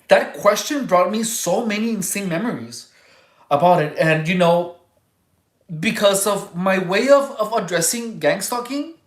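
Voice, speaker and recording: Talking loosely with his chat, this streamer rambles and stalls, starting sentences over as he searches for the right words. His pitch is medium and the sound is roomy.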